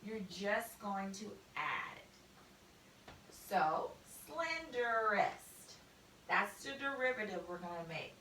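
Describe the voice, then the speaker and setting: A woman teaching a spelling lesson, spelling words out letter by letter in a slow, deliberate way. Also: medium pitch, sing-song, sharp tone, slight background noise. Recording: echoey room, mic at a distance.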